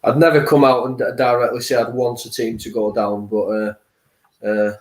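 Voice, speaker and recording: A man co-hosting a football fan watchalong, speaking in a dry, deliberate way. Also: mid-range voice, level tone. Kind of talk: casual fan chat. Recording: echoey room.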